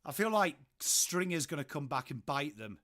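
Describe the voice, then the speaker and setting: English bloke hosting a live stream from home, slightly higher voice, chatty, greeting his viewers by name. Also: sing-song, moderate pace, fairly bright tone. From England. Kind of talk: casual live watchalong chat.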